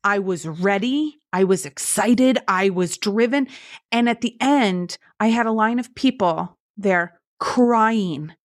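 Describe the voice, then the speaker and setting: A woman speaks as a guest on a podcast interview from her home studio. She is a lively storyteller who acts out the voices of the people she quotes. Her pitch sits in an ordinary middle range. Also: takes it slowly.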